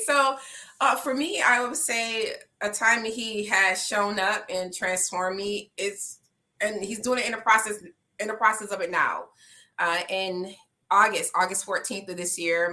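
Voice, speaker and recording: A woman's voice: mid-range voice, measured pace, bright, forceful tone. A woman life coach giving a heartfelt, emotional testimony on a podcast, rising to passionate pleading.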